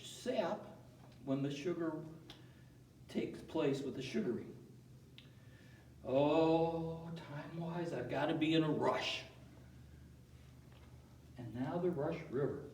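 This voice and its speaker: Man, science educator, slow unhurried lesson, warm mellow tone, roomy recording from away from the mic. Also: fairly high pitch, far from the mic, a little hiss or hum. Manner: playful, chatty, asks the audience questions. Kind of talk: enthusiastic geography lesson.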